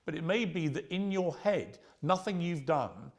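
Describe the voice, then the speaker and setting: A man in his fifties pushes hard as an interviewer, cutting in and insisting on finishing his point. His pitch leaps and falls with emphasis, sitting slightly above the usual male range. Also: very animated, normal speed. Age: 50s. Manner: interrupting, pressing, argumentative. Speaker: host. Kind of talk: confrontational interview.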